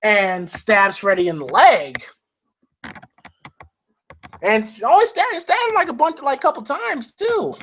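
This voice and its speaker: A man's voice: very high voice, big pitch swings, slow, long pauses, fairly bright tone. Rambling male movie-review host. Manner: rambling with many fillers and restarts, laughs often. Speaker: podcast host. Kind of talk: casual movie review chat. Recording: dull lo-fi with faint hiss.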